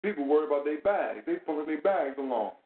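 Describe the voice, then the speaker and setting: A man talks. His voice sits a bit high for a man and comes through a tinny, phone-like line. He sounds like he is in an echoey room, and he talks animated and profane, firing off rhetorical questions. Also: quick pace. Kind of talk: casual commentary chat.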